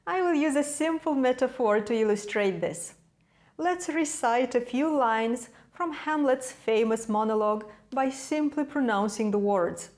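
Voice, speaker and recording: A woman with a slightly high voice gives a scripted piano lesson. She speaks in a measured, emphatic way and lets dramatic pauses land between her points. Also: a little mellow. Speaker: piano teacher.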